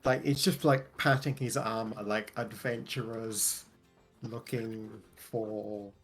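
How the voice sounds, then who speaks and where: A man's voice: fairly low pitch, steady tone, slow, fairly bright tone, faint music behind. A man playing a tabletop game, laid-back and drawling. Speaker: player.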